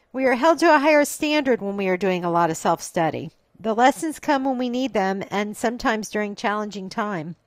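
A woman's voice: fairly high pitch, no room sound, poor audio. A woman hosting a podcast, telling a reflective, confessional personal story. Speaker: podcast host.

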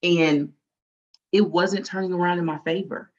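A woman guest giving a candid, heartfelt faith testimony and acting out her past self in lively quotes. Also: lowish voice, unhurried, highs cut off.

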